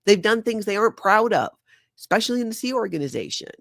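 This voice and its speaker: A woman's voice: mid-range voice, big pitch swings, fast, gravelly, fairly bright tone, no room sound, clean studio sound. Earnest woman hosting a livestream. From former member of a high-control group. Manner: earnest, confiding, reads viewer comments aloud. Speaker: livestream host. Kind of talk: candid livestream commentary.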